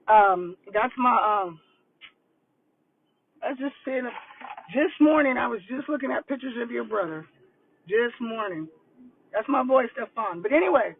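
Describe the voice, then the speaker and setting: An older woman coaching on vision boards, telling stories in a casual, animated, rambling way. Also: on the high side, moderate pace, slightly rough, no room sound. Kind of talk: casual livestream talk. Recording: tinny phone-like line, dry.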